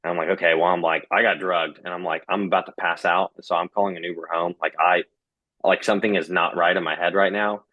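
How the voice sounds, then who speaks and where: Low-voiced young man telling his story. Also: fairly even intonation, fast talker, no room sound, phone-quality sound. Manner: retells scenes in quoted back-and-forth, many fillers. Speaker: guest sharing his story. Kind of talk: casual personal storytelling.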